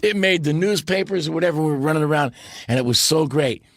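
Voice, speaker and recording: A man, a podcast guest, telling stories in a lively, animated way and slipping into character voices. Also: on the high side, fast talker, no room sound, clean studio sound. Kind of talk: casual interview storytelling.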